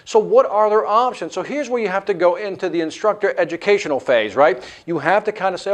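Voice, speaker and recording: A man teaching a sales lesson in an animated way, acting out what the customer thinks. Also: sits high, a little fast, hardly any pauses. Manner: animated, acts out customer lines. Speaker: sales instructor. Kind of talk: instructional lecture.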